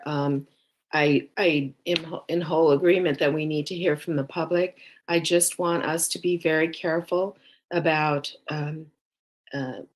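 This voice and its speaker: Calm low-voiced woman at a council meeting, careful, lots of ums. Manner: measured, cautious, many ums. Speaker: mayor pro tem.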